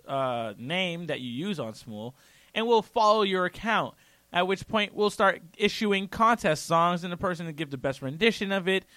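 A man's voice: on the high side, fairly bright tone, dry recording. A man co-hosting a radio show in casual, rambling chat, laughing easily. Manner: rambling, chatty, quick laughs.

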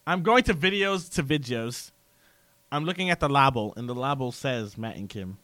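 A man's voice: medium pitch, moderate pace, no echo. A man co-hosting a podcast in casual banter, telling stories with lots of laughter. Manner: laughing, animated storytelling. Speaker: podcast co-host.

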